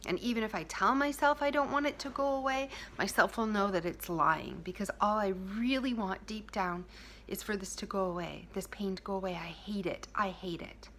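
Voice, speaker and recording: With a medium-pitched voice at normal speed, this woman speaks tenderly and personally to her viewers in a heartfelt self-help talk. She occasionally lowers to a whisper and repeats important phrases, with slight background noise behind her.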